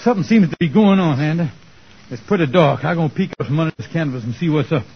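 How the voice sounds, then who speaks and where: A bossy, chuckling schemer from a 1940s radio comedy. His voice sits high and husky, and he is always hatching the next plan. It sounds like a muffled old radio broadcast. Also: animated, faint music behind. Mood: worried. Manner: bossy, fast-planning, chuckling. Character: scheming blustery grown male schemer. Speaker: comic lead in a radio sitcom.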